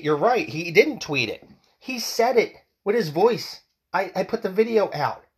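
Man, solo podcast host, heated rant, swears a lot, stumbles and repeats words, pitch swinging widely up and down. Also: very animated, a little slow.

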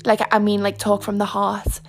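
A young woman hosts a self-help style podcast, her voice carrying a gravelly creak. She talks frankly and rambles from one aside to the next, with plenty of filler words, while faint music plays underneath. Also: medium pitch, completely flat delivery, moderate pace. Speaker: podcast host. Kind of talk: casual chat.

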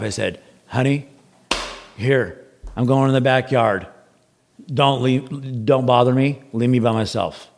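Speaking at a medium pitch, this man is a podcast guest spinning a long, meandering tale in a relaxed way. Along the way he voices the other people's lines and curses without holding back.

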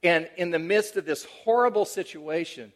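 A middle-aged man preaching as a pastor, with a somewhat higher voice than most men. He tells his story conversationally, pressing some points with energy and dropping others to a soft, tender hush. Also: moderate pace. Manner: conversational, moving between animated emphasis and hushed, tender delivery. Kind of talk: sermon with personal storytelling.

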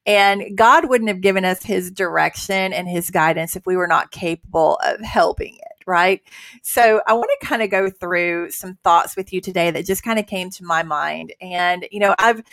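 Woman host, casual faith talk, lowish voice, dry close sound. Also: vocal fry, a bit bright, no room sound. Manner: conversational, earnest, many fillers.

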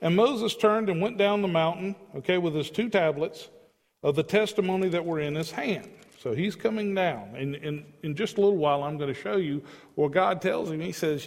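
In a big-room sound, a man with a slightly high voice leads a Bible study at a moderate pace. He reads scripture aloud and explains it in an emphatic, conversational way.

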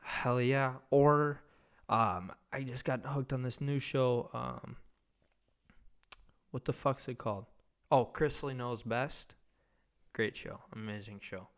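A man's voice: medium pitch, takes it slowly, long pauses. A young man hosting a solo comedy podcast, rambling and self-mocking, swearing constantly. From Wisconsin. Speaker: podcast host.

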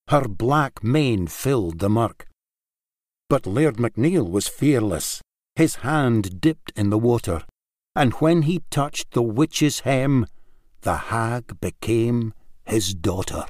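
Slow, lilting male storyteller. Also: medium pitch, dry recording, clean studio sound. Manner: expressive, lilting verse reading. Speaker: narrator. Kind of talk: rhyming storybook narration.

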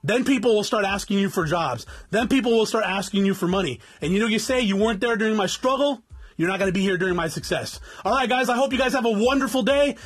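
A man's voice: sits high, fast talker, few pauses, breathy edge, soft background music. A man in his forties from South Tucson, Arizona, bluntly lecturing viewers in a profanity-laced motivational rant and calling them guys. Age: 40s. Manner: blunt, swearing constantly, lecturing. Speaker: vlogger.

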